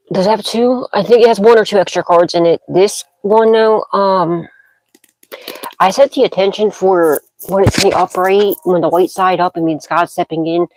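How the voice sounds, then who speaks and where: A woman's voice: fairly low pitch, a little mellow, no room sound, poor audio. A woman doing a tarot card reading, rambling from card to card and checking in with "okay?" as she makes dramatic intuitive pronouncements. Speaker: tarot reader.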